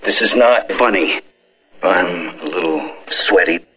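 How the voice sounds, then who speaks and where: A man making a prank phone call, with a deadpan, blunt and pushy manner. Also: sits low, slow pace, a crowd in the background. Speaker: prank caller.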